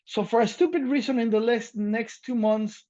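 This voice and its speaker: A man co-hosting a podcast, talking loudly and excitedly in casual chat and laughing often, with a slight lilt. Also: very high voice, normal speed, dull audio. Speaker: podcast co-host.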